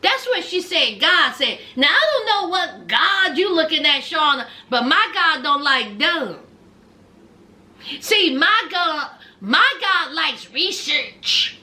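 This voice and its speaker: A woman's voice: high voice, sing-song, takes it slowly, sharp tone. A woman recapping a reality show in casual chat, sassy and teasing, calling her viewers honey and child.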